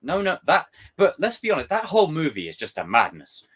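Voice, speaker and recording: Animated, rambling young man. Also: on the high side, a little fast, slightly rough. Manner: animated, rambling, jokey, swears casually. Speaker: streamer reacting to a trailer. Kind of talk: casual live commentary.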